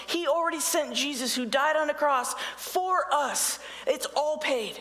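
A woman's voice: sits high, a little slow, hardly any pauses, fairly bright tone, big-room sound. A woman pastor preaching a conversational sermon, reading scripture and adding sarcastic asides.

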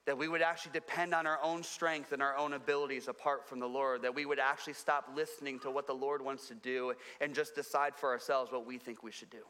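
A man preaching a sermon to his congregation, earnest and repeating phrases for emphasis, dropping low and quiet on his key points. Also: level tone, quick pace, few pauses, clear, resonant tone, long reverb tail. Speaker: pastor. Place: church sanctuary.

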